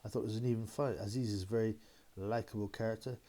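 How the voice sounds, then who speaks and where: A man's voice: fairly low pitch, fairly even intonation, fast, mellow. A man hosting a boxing channel, rambling casually and laughing as he talks. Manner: rambling, laughing, mocking impressions of critics. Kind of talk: casual solo commentary.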